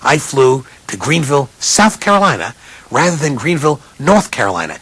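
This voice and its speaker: A man with a husky, slightly breathy voice tells a funny story from his coaching days. His pitch sits in the middle of the male range, then leaps high whenever he imitates someone else. The delivery is animated and self-mocking. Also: normal speed, dry recording. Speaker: college basketball coach. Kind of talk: humorous storytelling speech.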